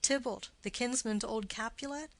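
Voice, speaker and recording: A woman reading the part of a steady, sensible young male friend, with plain, even delivery. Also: on the high side, normal speed, lightly acted.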